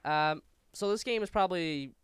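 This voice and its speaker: A man's voice: sits high, clear, resonant tone, no room sound. A man with a Newfoundland accent, ranting casually over gameplay with many fillers and stumbles. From Newfoundland, Canada. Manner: rambling, stumbling, full of fillers; talks fast by habit. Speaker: gaming channel host.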